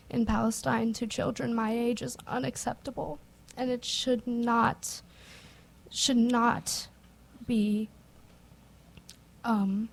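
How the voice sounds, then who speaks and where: A young woman giving nervous, emotional testimony at a public hearing, halting with many restarts. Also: fairly high pitch, creaky, darkish tone, poor audio. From United States. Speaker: public witness.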